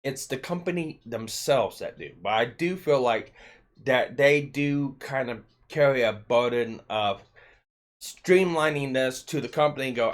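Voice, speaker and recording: A man's voice: mid-range voice, animated, measured pace. A man with a lisp, hosting an opinion commentary channel and talking in an emphatic, heated way with some swearing.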